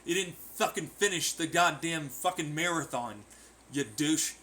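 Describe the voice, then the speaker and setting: A man's voice: on the high side, measured pace, pushed and bright, slight background noise. A man delivering a profane, sarcastic vlog rant, mocking the people he talks about in imitation voices. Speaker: vlogger. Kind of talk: ranting vlog commentary.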